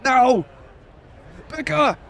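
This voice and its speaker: A man putting on the voice of a gruff action-movie hero barking orders, loud and strained. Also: very high-pitched, animated, extremely slow, a faint crowd, a little hiss or hum, voice pushed up, heavily acted.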